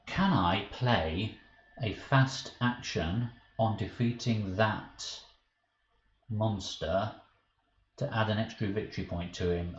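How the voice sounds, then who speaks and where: A man streaming a card game live, thinking aloud about his moves and flustered and self-mocking when he slips up. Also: fairly low pitch. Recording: dull roomy stream audio with faint hiss.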